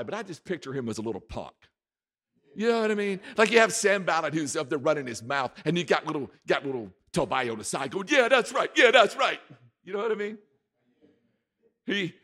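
Lively preaching man in a hall. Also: a little high. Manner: emphatic, repeats key words, varies volume dramatically. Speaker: pastor. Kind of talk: sermon. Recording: echoey hall reverb.

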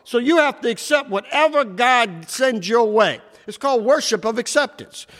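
A man preaching a sermon, shouting at times and swinging between loud and soft. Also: lively intonation, moderate pace. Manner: preaching with shouts and wide swings in pitch and loudness. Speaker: pastor. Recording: echoey hall.

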